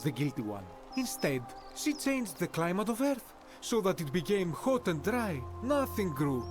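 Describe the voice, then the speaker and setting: A courteous Greek merchant. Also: male voice, on the high side. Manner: formal, flowery and polite. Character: courteous adult male Greek merchant, well-travelled. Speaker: game character. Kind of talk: video game voice acting. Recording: game audio over background music.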